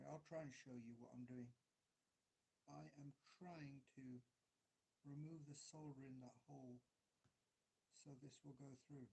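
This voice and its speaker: A man's voice: mid-range voice, gravelly, dark tone, husky. A man with an English accent who grew up in Derby, rambling casually and mocking himself as he solders, swearing often and restarting his sentences. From England, grew up in Derby. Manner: self-mocking, swears a lot, many restarts. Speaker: hobbyist video maker.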